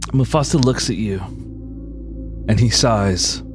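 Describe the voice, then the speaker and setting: A man's voice: on the low side, takes it slowly, over music. A man narrating as game master of a tabletop role-playing game in a casual storytelling manner.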